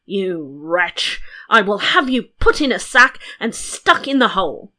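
A woman's voice: medium pitch, big pitch swings, a little slow, pushed and bright. A woman voicing a blustering, hot-tempered old king who roars and scolds indignantly. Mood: furious. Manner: roaring and indignant.

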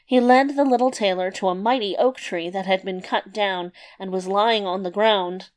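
A woman narrating a fairy tale in a measured, expressive read-aloud manner. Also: medium pitch.

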